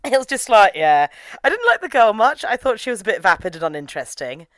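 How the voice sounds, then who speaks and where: A woman's voice: medium pitch, wildly swooping pitch, a little fast, dry recording. A woman chatting casually about a film she reviews, giggling and slipping into mocking impressions. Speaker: podcast co-host reviewing a film. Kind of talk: casual chat.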